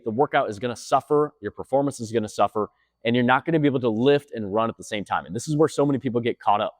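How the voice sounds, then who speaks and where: Fast-talking man, dry close sound. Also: medium pitch, no echo. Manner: energetic, repeats points for emphasis. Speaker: fitness coach. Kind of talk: casual talk to camera. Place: gym.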